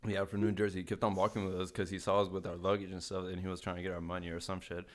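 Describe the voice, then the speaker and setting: A young man from California with a very low voice tells a rambling travel story on a podcast. He is animated and swears freely, and he slips into the voices of the strangers he met along the way. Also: rapid-fire. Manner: animated, swears a lot, acts out the voices of people in his story. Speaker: guest telling a travel story.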